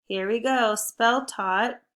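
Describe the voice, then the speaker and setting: A woman teaching a spelling lesson to young children, speaking slowly and clearly, upbeat and encouraging. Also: on the high side, a bit bright. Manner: slow, deliberate word-by-word modeling.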